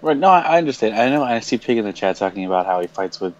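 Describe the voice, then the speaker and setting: Man, co-host, very low voice, hesitant and measured, dull lo-fi sound. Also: expressive. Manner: hesitant, measured, lots of hedging. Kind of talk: casual stream talk.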